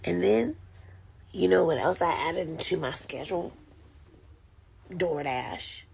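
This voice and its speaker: A woman's voice: fairly low pitch, slow pace, gravelly, a little mellow, a little hiss or hum. A tired woman chatting to her camera in a sleepy, half-whispered voice, talking to herself about her schedule. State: sleepy, yawning. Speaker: vlogger. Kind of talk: casual chat to camera.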